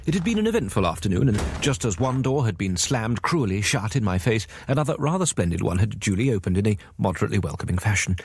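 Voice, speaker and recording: Damien Trench, a pompous food writer. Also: male voice, fairly low pitch, breathy edge, dry recording, studio quality. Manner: pompous, self-regarding, flustered. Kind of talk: radio comedy acting and narration.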